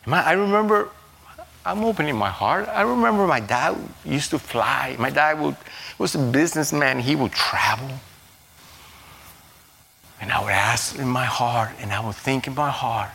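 A man preaching a sermon in a slow, halting way, repeating words and swinging suddenly between a low murmur and a high, loud cry. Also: creaky, a little hiss or hum. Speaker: pastor.

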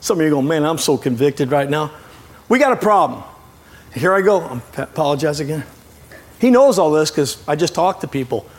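A middle-aged man preaching as a guest, lively and joking, often breaking off to apologize to his listeners. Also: a little high, fairly quick. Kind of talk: sermon.

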